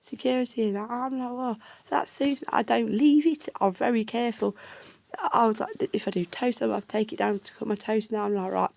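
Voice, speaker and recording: Woman vlogger, casual rambling monologue with whispered asides, slightly high voice. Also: fairly quick, vocal fry, a little mellow, dry recording. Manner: chatty, wandering, often drops to a whisper.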